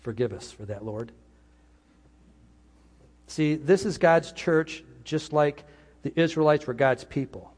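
Husky-voiced pastor guy preaching, earnest, acts out little voices. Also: mid-range voice, a little mellow. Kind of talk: sermon.

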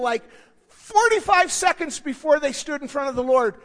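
High-voiced preaching man in a reverberant hall. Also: expressive, moderate pace. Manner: emphatic, swinging from hushed asides to shouted points; repeats key words for effect. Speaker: pastor. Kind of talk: sermon. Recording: long reverb of a large hall.

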